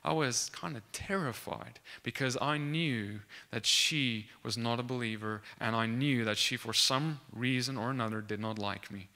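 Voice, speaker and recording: A young man recounts a faith testimony in a very bright, crisp, clear voice. He tells it earnestly and acts out the dialogue, restarting his sentences as he goes. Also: medium pitch, moderate pace, hardly any pauses. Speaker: student sharing a faith testimony. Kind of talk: animated testimony storytelling.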